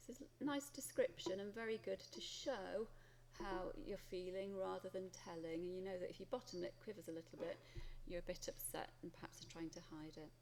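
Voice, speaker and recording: A woman's voice: fairly low pitch, steady tone, fairly quick, few pauses, a little mellow, slight background noise. A woman with a Welsh English accent, an English teacher who reads a student's essay aloud and then comments on it as she marks it.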